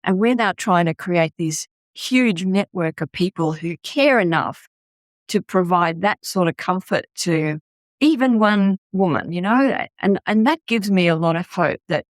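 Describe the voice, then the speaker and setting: A woman's voice: lowish voice, dry recording. Earnest Australian woman, dry sound. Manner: earnest, blunt, frequent restarts. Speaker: charity founder. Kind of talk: candid interview storytelling.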